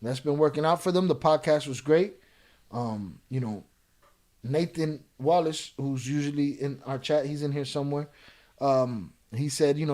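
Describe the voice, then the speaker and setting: A man hosts his own live reaction stream, reading and answering viewer comments in a casual chat. His voice sits a little higher than most men's, with a darkish tone at normal speed. He swings from laid-back explaining, full of "you know," to profane, heated comebacks at the chat.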